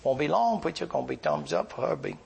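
A man voicing a cheerful, simple-hearted older country man who talks in a high, hollering, folksy drawl. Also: expressive, fast, creaky, a little mellow, slight background noise.

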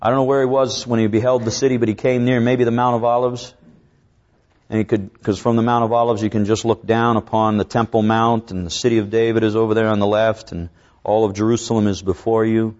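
A man preaching a sermon, reading scripture slowly and swinging between raised, urgent lines and low, hushed ones. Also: little pitch movement. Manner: preaching with dramatic rises and drops; slows down to draw out scripture quotes. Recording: dull lo-fi recording.

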